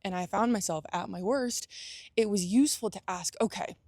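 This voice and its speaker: A woman's voice: mid-range voice, normal speed, darkish tone, dry recording. A young adult woman hosting a motivational talk, speaking earnestly with frequent restarts and acted-out inner thoughts. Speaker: host.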